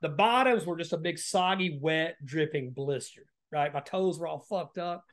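A man with a notably high-pitched speaking voice tells long, rambling stories as a podcast guest. He swears constantly, restarts his sentences and keeps checking in with the listener with a quick "right?". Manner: heavy swearing, frequent "right?" tag questions. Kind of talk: casual storytelling.

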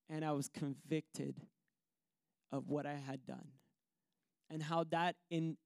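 A man preaching a sermon, telling a personal story with lively acted-out quotes. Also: a little high, no echo, studio quality. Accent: Canadian English. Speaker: pastor.

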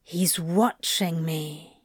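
A woman voicing a flustered, sardonic male demon, her lines low and murmured, in a slow delivery. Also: fairly even intonation, no echo, studio quality, full character voice.

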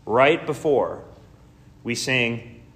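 A man's voice: mid-range voice, animated, drawn-out words, a bit bright. A man preaching a sermon as pastor, in a casual, conversational way with slangy asides.

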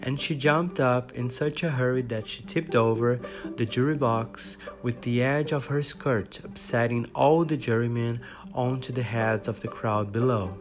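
A man's voice: medium pitch, moderate pace, over music. A man hosting a podcast lesson, chatting upbeat and reading a storybook aloud. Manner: upbeat, chatty greetings, then steady reading. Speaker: podcast host and English teacher.

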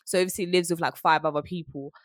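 A young woman, telling a story in a frank, animated way while chatting as a podcast co-host. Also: fairly low pitch, quick pace, dry recording, clean studio sound. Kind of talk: casual chat.

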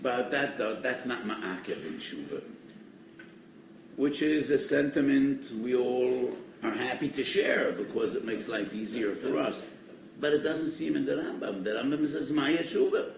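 An older man giving a Torah lecture as a rabbi, animated and emphatic, mixing in Hebrew and Yiddish terms. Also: medium pitch, a little slow, creaky. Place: study hall. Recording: echoey hall, distant mic, faint noise.

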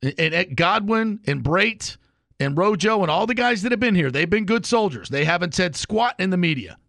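A man's voice: sits high, expressive, moderate pace, creaky, fairly bright tone, no room sound. A man hosting a sports talk radio show, delivering an opinionated, emphatic monologue.

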